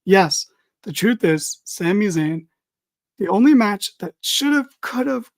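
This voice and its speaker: A woman's voice: mid-range voice, lively intonation, slow. A woman giving a casual, opinionated wrestling recap, blunt and swearing freely as she reads viewer comments. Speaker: wrestling show reviewer.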